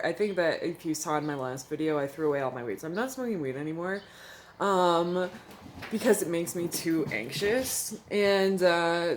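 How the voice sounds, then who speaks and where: A young woman vlogging from home while hungover, chatting candidly and laughing often as she tells a story into the camera. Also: lowish voice. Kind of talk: casual confessional vlog.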